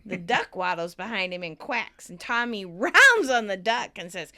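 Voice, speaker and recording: A woman co-hosting a podcast, recapping an episode in casual chat, laughing often and getting animated when she reads out lines. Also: medium pitch, normal speed, few pauses. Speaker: podcast co-host.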